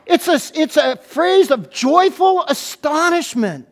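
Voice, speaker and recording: A man preaching a sermon as a pastor to a congregation in church, animated and playful, often stumbling into quick restarts. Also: very high voice.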